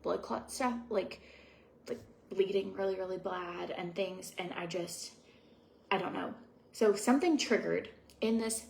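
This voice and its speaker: A woman's voice: medium pitch, gravelly, slight background noise. A young adult woman chatting casually at home while doing her skincare routine, rambling and confiding with lots of fillers. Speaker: beauty vlogger.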